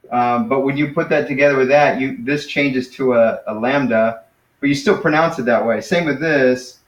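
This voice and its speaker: Man, casual teacher, hesitant, self-correcting, mid pitch, roomy echo. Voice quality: hesitant, many fillers and restarts, self-correcting. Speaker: Greek teacher.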